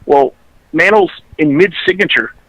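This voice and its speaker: A man's voice: on the high side, big pitch swings, unhurried, gravelly, fairly bright tone, no echo, muffled recording. A man, a podcast co-host telling a long story in casual chat, rambling and restarting his sentences.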